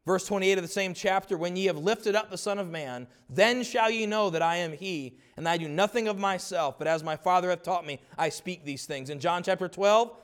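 High-voiced preacher, emphatic and earnest. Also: male voice. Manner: earnest, emphatic preaching with slow stressed repetitions; acts out quoted dialogue in changed voices. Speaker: pastor. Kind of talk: sermon.

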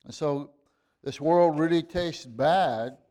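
Slow, emphatic preacher man. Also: on the high side, dark tone. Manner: slow, halting delivery with frequent fillers and restarts, rising to emphatic bursts; reads scripture in old-fashioned wording. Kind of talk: sermon.

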